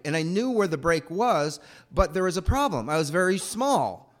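A man telling a personal childhood story in a rambling, animated way. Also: sits high, moderate pace. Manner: animated, rambling, acts out voices.

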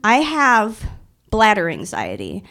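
A young woman telling a personal story in an animated, self-mocking way, full of filler words. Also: mid-range voice, slow pace, gravelly. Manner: animated, filler-heavy retelling with many "like"s; self-mocking, anxious narrating tone.

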